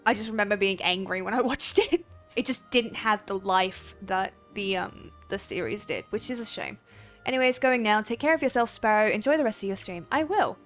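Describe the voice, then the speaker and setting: A woman streamer chatting casually with viewers while playing a game, laughing often and swearing freely. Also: mid-range voice. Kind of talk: casual livestream chat.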